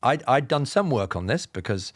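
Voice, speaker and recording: A man from England with a southern, BBC-style received pronunciation accent, telling personal stories as a podcast guest in a measured, explanatory way with self-deprecating humour. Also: medium pitch, very animated, no echo. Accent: Southern English, BBC-style received pronunciation. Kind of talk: reflective personal storytelling.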